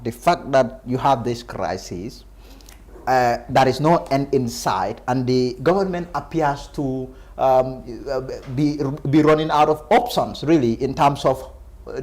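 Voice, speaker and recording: A man interviewing a guest live, asking probing questions in a measured way. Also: medium pitch, darkish tone.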